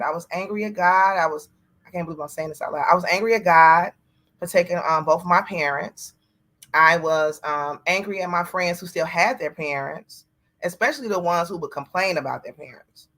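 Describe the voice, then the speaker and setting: Middle-aged woman guest, bright, candid and reflective, talk-show panelist telling a personal story. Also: lowish voice.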